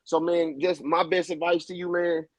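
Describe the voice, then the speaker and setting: Man caller, earnest support, repeats himself, fairly high voice. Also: level tone, moderate pace, no echo. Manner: earnest, encouraging, repetitive. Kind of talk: call-in advice.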